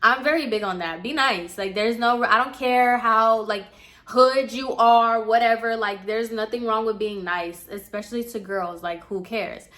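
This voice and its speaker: Young woman vlogger, bright tone, chatty storytime delivery, full of fillers. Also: fairly high pitch, moderate pace. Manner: chatty, filler-heavy retelling. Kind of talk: casual storytime.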